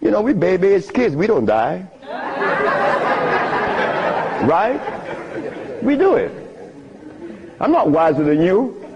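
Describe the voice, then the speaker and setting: An older man with a husky voice tells stories to an audience in an animated way, laughing often. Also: high voice, slow, long pauses, a loud crowd, heavy background noise. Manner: animated, laughs often, sing-song emphasis. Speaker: speaker giving a talk. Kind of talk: storytelling lecture to an audience. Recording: dull lo-fi archive recording.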